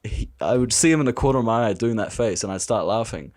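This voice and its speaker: A young man, a podcast guest, telling animated stories and laughing as he talks. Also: lowish voice, quick pace. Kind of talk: casual storytelling.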